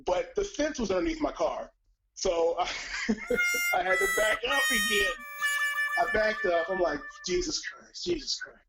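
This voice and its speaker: A man casually telling a story on a live stream, profane and animated, acting out the voices of other people. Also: high-pitched, unhurried, long pauses, heavy background noise.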